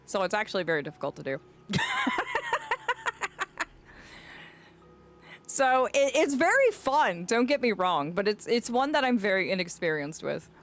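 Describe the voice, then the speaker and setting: A woman's voice: medium pitch, very animated, brisk, few pauses, faint music behind. A woman streaming a game, chatting casually and rambling to her viewers with endearments. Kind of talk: casual live-stream chat.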